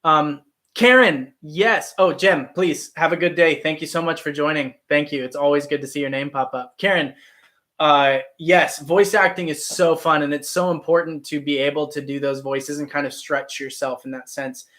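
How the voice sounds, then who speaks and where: A man's voice: fairly high pitch, fairly even intonation, normal speed, fairly bright tone. A man, a professional actor, chatting casually on a livestream, answering viewers and poking fun at himself. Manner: chatty, self-deprecating, reads and answers chat. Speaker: actor and streamer.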